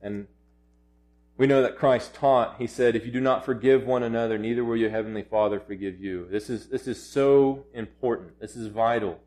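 A man's voice: medium pitch, fairly even intonation, normal speed, darkish tone. A man preaching a sermon in an earnest, urgent way, often restarting his phrases and rising to emphatic peaks.

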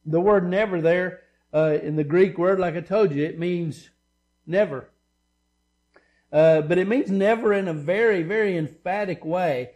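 A man's voice: sits high, measured pace, darkish tone. A man preaching a sermon as pastor, reading scripture and explaining it with emphatic repetition and casual asides.

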